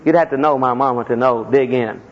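Man, preacher, impassioned sermon storytelling, sudden pitch leaps, long hall reverb. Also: a little fast. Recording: echoey hall, dull lo-fi sound.

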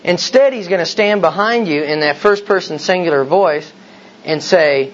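A man's voice: high-pitched, normal speed. Preacher man. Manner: emphatic preaching full of rhetorical questions. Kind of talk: sermon. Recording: slightly dull recording with faint hiss.

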